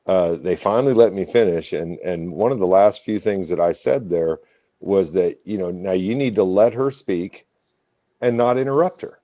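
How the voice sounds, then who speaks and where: A low-pitched man with a dark, mellow voice, chatting casually on a podcast and laughing easily. The sound is dry and a bit dull, like a lo-fi recording. He takes the other side of the argument for fun. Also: moderate pace. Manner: relaxed, laughs easily, plays devil's advocate. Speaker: co-host.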